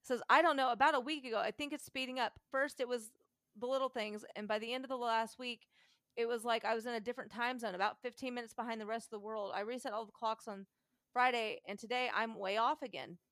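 A woman co-hosting a podcast, doing a casual dramatic reading of an internet post, animated and often laughing, slowing down and speeding up as she reads. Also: a little high, dry recording, clean studio sound.

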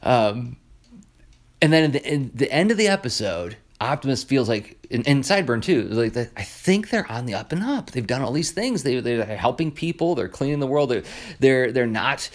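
A man hosting a podcast, telling an episode's story in a casual, animated way with many fillers and restarts. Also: medium pitch, moderate pace. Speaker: podcast host. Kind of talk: casual commentary on a cartoon episode.

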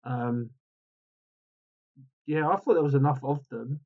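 A man's voice: medium pitch, measured pace, breathy edge. A man co-hosting a podcast, chatting about a film in an easygoing way with lots of "um" and "like". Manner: easygoing, filler-heavy. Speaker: podcast co-host. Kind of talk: casual film discussion. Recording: slightly dull lo-fi sound.

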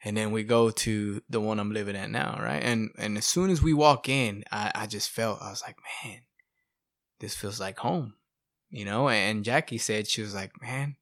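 A man's voice: fairly low pitch, normal speed, no room sound, studio quality. A middle-aged man telling his life story in casual chat, acting out what people said and saying "you know" and "bro" a lot. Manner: animated, acts out quotes, fillers like "you know" and "bro". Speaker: guest sharing testimony.

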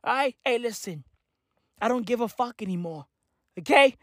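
Woman, comic rant, high voice, profane, frantic, dry. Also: animated, moderate pace, long pauses, dry recording. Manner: profane, frantic, shouting at times.

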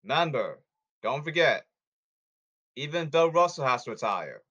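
A man's voice: medium pitch, big pitch swings, normal speed, bright, forceful tone, breathy edge, highs cut off. A man hosting a sports podcast who talks in a blunt, hectoring way and repeats himself, in a casual commentary monologue.

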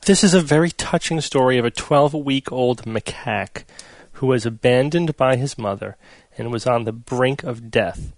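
Male podcast host, mid-pitched, dry close sound, steady explainer. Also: normal speed, no echo. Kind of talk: casual panel chat.

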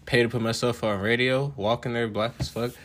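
A young man riffing in a profane, swaggering comedic rant, slangy and laughing often, a little high. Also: fairly even intonation, brisk, fairly bright tone, slight background noise. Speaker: show host.

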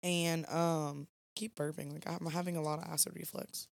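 This is a young woman with a drawl, co-hosting a casual podcast. Her voice sits fairly low, and the sound is close and dry. She rambles easily through a long personal story. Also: flat delivery, moderate pace, gravelly, dry recording. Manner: chatty, rambling, Southern "y'all" phrasing. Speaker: podcast co-host. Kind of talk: late-night casual storytelling.

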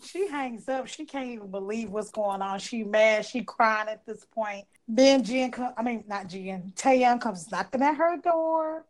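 A woman co-hosting a podcast, retelling a story in slangy, animated casual talk. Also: a little high, a little slow, few pauses. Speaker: podcast co-host. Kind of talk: casual story recap chat.

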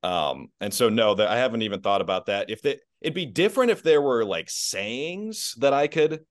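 A man's voice: mid-range voice, very animated, normal speed, dry recording, studio quality. A man talking casually as a guest on a sports podcast, easygoing and self-deprecating, laughing often. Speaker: podcast guest, basketball play-by-play announcer.

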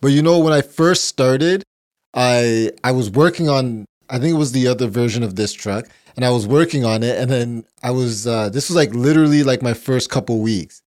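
A man's voice: medium pitch, a little mellow. A young adult man co-hosting a podcast, chatting casually, laughing easily and telling a story from work. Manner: laughs easily, quick agreeing replies, storytelling. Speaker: podcast co-host. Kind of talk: casual chat.

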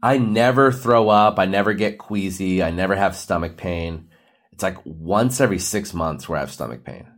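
A man's voice: low-pitched, normal speed. A man around forty, hosting a podcast and ranting in a blunt, preachy, joking way. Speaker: podcast host. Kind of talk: ranting monologue.

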